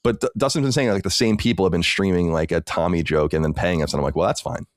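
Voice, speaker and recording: Low-voiced dude rambling on a podcast, lots of likes, dry close mic. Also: male voice, quick pace, dry recording. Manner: rambling, filler-heavy storytelling. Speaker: podcast co-host. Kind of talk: casual chat.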